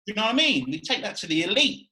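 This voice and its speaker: Brief: male podcast host, high bright voice, fired-up and profane in loose chat. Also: fast talker, low-quality recording. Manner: excitable, swears a lot, repeats "you know what I mean". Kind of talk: casual chat.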